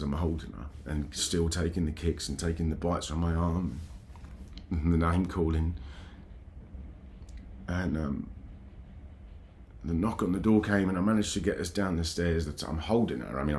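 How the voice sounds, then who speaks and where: A deep-voiced man recounts a personal story on his channel. He talks haltingly and emotionally, often stopping and starting over mid-sentence. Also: darkish tone. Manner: halting, emotional, with frequent restarts. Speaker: channel host.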